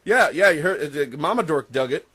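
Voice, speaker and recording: A man's voice: on the high side, animated, moderate pace, pushed and bright. A man hosting a casual sports podcast, teasing his co-hosts and joking with plenty of swearing. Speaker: host.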